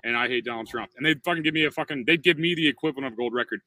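A man in his thirties, a comedian co-hosting a podcast, bantering quickly with lots of profanity and restarts. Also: medium pitch, sharp tone. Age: 30s. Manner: rapid, profane, joking banter with many restarts. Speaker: comedian co-host. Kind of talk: casual podcast chat.

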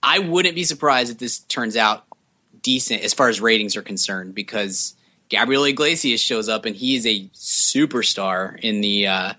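A man's voice: lowish voice, moderate pace, bright, forceful tone. A man co-hosting a casual podcast, chatting about TV shows with sarcastic asides. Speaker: podcast co-host. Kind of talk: casual chat reviewing TV pilots.

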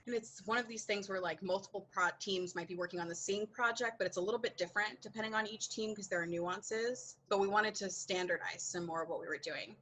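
A woman's voice: mid-range voice, brisk, hardly any pauses, a little hiss or hum, low-quality recording. A woman as a podcast guest, telling a candid story with lots of acted-out dialogue and frequent laughter. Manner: animated, acts out quoted dialogue, laughs often.

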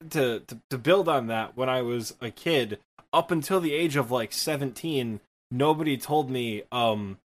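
Chatty Midwestern man, rambling podcast talk. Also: mid-range voice. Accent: Midwestern Michigan. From Michigan, US. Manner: rambling, self-deprecating, quick laughs. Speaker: podcast co-host and streamer. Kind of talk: casual gaming podcast chat. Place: apartment.

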